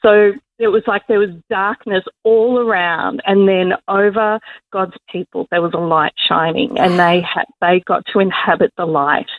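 A woman's voice: medium pitch, no echo. Woman guest, heartfelt faith story, phone-line sound, dry. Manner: emotional, quick to laugh, lively quoting of herself. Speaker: guest on Christian radio. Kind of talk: heartfelt testimony and prayer.

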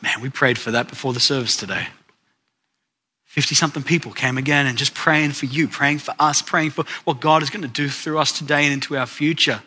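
A man's voice: medium pitch, steady tone, brisk, pushed and bright, husky. A man preaching a sermon, telling a story with dramatic rises and sudden drops in his voice. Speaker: pastor.

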